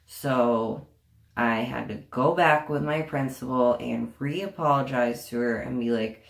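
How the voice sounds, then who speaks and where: A woman's voice: a bass voice, a little slow, creaky. A young woman telling a storytime vlog in a casual, profane and indignant way, full of sarcasm. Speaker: vlogger. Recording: echoey room.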